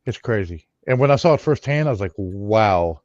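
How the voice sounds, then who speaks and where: A man's voice: mid-range voice, expressive, quick pace, darkish tone, no echo, lo-fi sound. A man in casual chat, eagerly retelling a friend's fishing feat with teasing humour.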